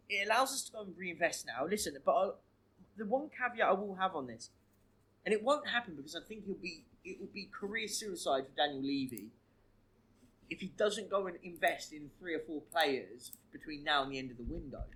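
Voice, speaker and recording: A man co-hosting a football podcast, talking in an animated, opinionated way with frequent restarts. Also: high voice, a little hiss or hum, poor audio. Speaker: podcast co-host. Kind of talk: casual football podcast chat.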